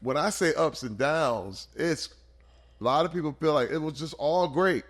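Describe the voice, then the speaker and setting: A man in his fifties, a podcast guest, telling stories in an emphatic, animated way in casual conversation. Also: on the high side, moderate pace. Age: 50s.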